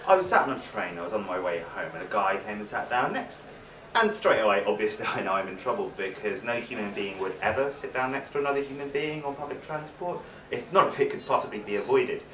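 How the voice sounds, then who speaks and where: A man's voice: on the low side, fast talker, slight background noise. A young man telling a self-mocking story as a stand-up comedian on stage. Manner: animated, self-mocking storytelling that jumps between voices. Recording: roomy stage sound from a distant mic.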